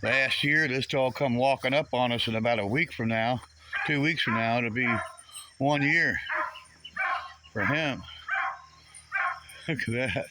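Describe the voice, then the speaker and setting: A man's voice: medium pitch, measured pace, long pauses. A middle-aged man in a casual backyard vlog, chatty and easygoing, chuckling often and cooing to his rescue dogs. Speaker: garage owner showing his rescue dogs. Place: overgrown backyard with dog pens, outdoors. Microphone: camera on a swinging makeshift mount. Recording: noisy outdoor audio with dogs barking.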